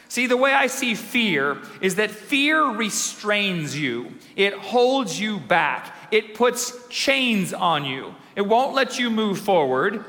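Man, pastor, emphatic sermon, ringing reverberant church hall, bright tone. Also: sits high. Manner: energetic, emphatic preaching with dramatic slow pauses.

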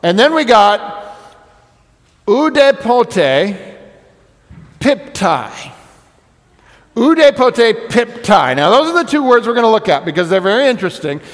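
A man's voice: sits high, animated, fast, big-room sound. A man preaching a conversational teaching sermon, explaining things step by step and stressing points by repeating words. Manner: explanatory, conversational, emphatic repetition. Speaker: pastor.

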